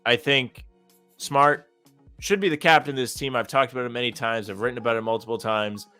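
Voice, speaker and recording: A young man co-hosting a live sports talk show, talking in a calm, measured way with dry teasing. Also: mid-range voice, soft background music. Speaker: podcast co-host.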